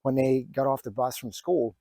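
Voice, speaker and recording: A man's voice: mid-range voice, fairly even intonation, normal speed, gravelly, dark tone, dry recording. A man in his forties telling a personal story in a vlog, earnest and reflective, with many fillers and restarts, close to tears at times. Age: 40s. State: emotional, near tears at times. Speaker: vlogger.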